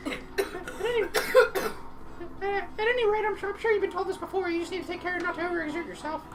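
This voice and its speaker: A rambling, fussy male school nurse who stumbles over his words and gets rude, as a woman puts him on. The voice is high and sits a bit away from the mic, with game music underneath. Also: fairly even intonation, a little fast, recorded from a distance. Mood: joking. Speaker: let's play player.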